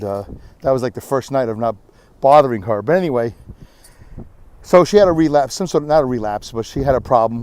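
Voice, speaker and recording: A man's voice: medium pitch, darkish tone. Tired middle-aged man vlogging outdoors. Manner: rambling, candid, self-deprecating. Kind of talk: casual outdoor vlog. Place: windy beach outdoors.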